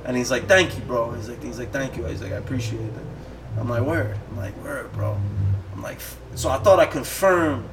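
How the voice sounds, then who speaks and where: A man's voice: medium pitch, fairly quick, heavy background noise. A podcast host in his thirties telling a rambling, profane anecdote in casual chat, laughing as he goes. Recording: distant mic with loud music behind. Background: music playing.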